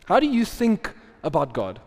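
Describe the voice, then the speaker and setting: A man preaching a sermon in a relaxed, conversational way, asking the congregation questions and laughing often. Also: high-pitched, normal speed. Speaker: pastor. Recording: long hall reverb.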